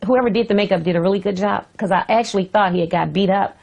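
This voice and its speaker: A woman telling a family anecdote in an interview, animated and laughing as she goes. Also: medium pitch, fast, vocal fry.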